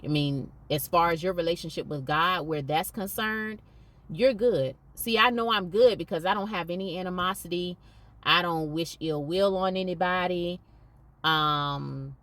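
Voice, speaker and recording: A woman's voice: low-pitched, fairly bright tone. A woman hosting a podcast, speaking candidly and emphatically and repeating points for stress. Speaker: podcast host.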